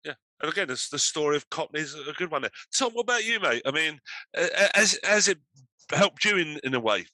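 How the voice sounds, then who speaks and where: Male panel host, crisp, sharp tone, dry sound, encouraging and loose with questions. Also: a little high, animated, brisk, no echo, low-quality recording. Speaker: discussion host. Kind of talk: hosting a panel discussion.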